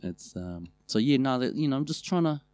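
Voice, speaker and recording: Kiwi guy on a podcast, mellow voice, swears heaps, dry mic. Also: medium pitch, a little fast, no echo. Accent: New Zealand. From New Zealand. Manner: animated, swears a lot, acts out family members' voices. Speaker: podcast co-host. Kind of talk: casual storytelling chat.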